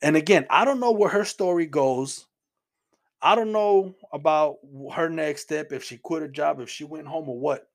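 Man, middle-aged, gravelly, slightly high-pitched, earnest testimony storytelling. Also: moderate pace. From Houston, Texas. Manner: earnest, plain-spoken, repeats words as he goes. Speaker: Christian speaker sharing testimony.

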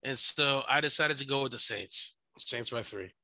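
Bright-voiced man joking about sports. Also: mid-range voice, moderate pace, creaky, dry recording, poor audio. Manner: joking, playful banter. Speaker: podcast co-host. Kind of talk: casual sports chat.

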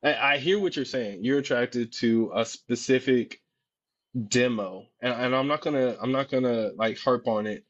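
A man hosting a live social media discussion, asking probing questions in a calm, reassuring way. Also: mid-range voice, moderate pace. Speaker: host. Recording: dull lo-fi audio.

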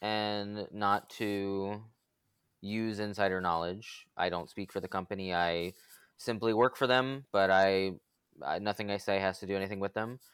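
A man co-hosting a podcast in a casual group chat, talking in a relaxed, rambling way with fillers. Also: fairly low pitch, moderate pace, clean tone, dry recording. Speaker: podcast co-host.

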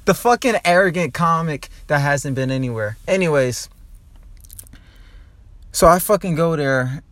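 A young man from New Jersey, a stand-up comic and podcast host, ranting loudly in a rambling, profane way from a parked car and laughing at his own jokes. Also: fairly high pitch, animated, a little slow, no room sound. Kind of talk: rambling comedic rant.

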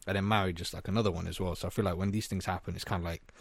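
A man talks in a very deep voice on a casual podcast. He is reflective and works through his thoughts step by step, and the recording is dry. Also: fairly even intonation, rapid-fire, no room sound. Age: 20s. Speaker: podcast co-host. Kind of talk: casual chat.

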